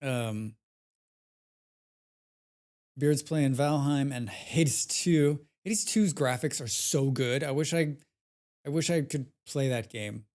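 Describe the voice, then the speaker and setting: A man's voice: mid-range voice, takes it slowly, long pauses. Rambling male game streamer. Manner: rambling, filler-heavy, reads chat aloud; grows animated when recounting gameplay. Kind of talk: casual live-stream chat.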